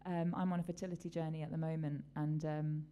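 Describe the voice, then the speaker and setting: A woman's voice: low voice, level tone, brisk, warm tone, muffled recording, a little hiss or hum. A woman hosting a casual live-stream chat, talking in a rambling, chatty way with lots of fillers. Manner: rambling, chatty, many fillers and little laughs. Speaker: host.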